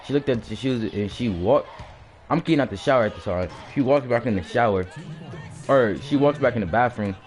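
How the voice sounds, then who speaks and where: A man telling a personal story in a casual, animated way, often restarting his sentences and acting out the blows with sound words. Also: medium pitch, brisk, faint music behind.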